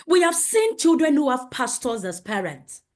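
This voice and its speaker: A woman's voice: sits high, big pitch swings, normal speed, darkish tone. A woman leading a safeguarding training for teachers, speaking emphatically and asking many rhetorical questions.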